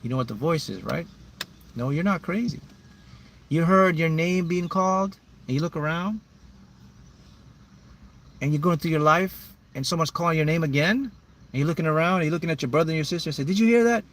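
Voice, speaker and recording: A man's voice: on the high side, fairly quick, long pauses, fairly bright tone. A man as a manifesting mentor, speaking emphatically and repetitively to his viewers in a live motivational talk. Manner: reads out viewers' names.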